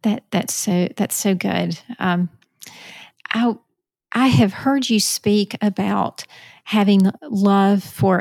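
Slow gravelly woman interviewer. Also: medium pitch, darkish tone, dry recording. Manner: encouraging, affirming listener. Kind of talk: interview questions and backchannel.

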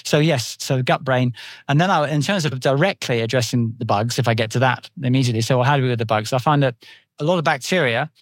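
A man's voice: medium pitch, quick pace, dry recording. A British man in his fifties, a nutritional therapist interviewed as a guest on a podcast, explaining at length in a rambling, anecdotal way.

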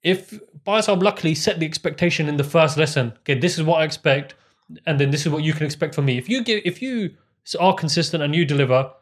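A young man, telling stories in casual chat, animated and quick to laugh. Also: a little high. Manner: animated, laughs often, slangy. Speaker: podcast co-host.

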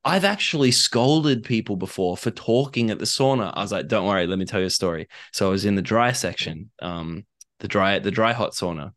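Low-voiced man telling lively stories. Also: a little fast. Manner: animated storyteller, acts out other voices, laughs easily. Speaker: author and coach, guest. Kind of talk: candid conversational interview.

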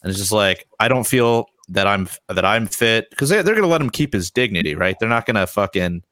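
A man's voice: lowish voice, animated, brisk, fairly bright tone, no echo, clean studio sound. A man co-hosting a casual talk show, blunt and profane, rambling. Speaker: podcast co-host. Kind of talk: casual chat.

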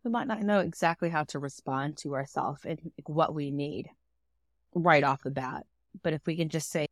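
A woman's voice: sits low, normal speed, dry recording, studio quality. A woman co-hosting a casual podcast chat, reflective and wry, dropping joking asides. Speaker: podcast co-host.

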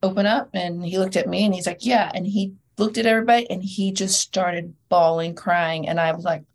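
A female dentist and educator talking in a casual interview, telling her story in a thoughtful, measured way. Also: fairly low pitch, steady tone.

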